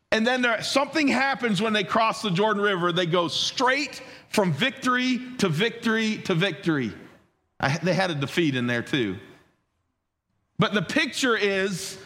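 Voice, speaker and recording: A man preaching a sermon as pastor, animated, asking the listeners questions and swinging his voice up and down for emphasis. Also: high voice. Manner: animated, rising and dropping for emphasis, asks the congregation questions.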